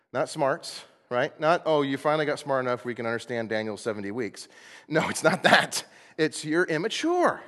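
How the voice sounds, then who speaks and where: A man preaching a sermon as pastor, playful and animated, acting out little voices as he goes. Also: medium pitch. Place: church sanctuary. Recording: long hall reverb.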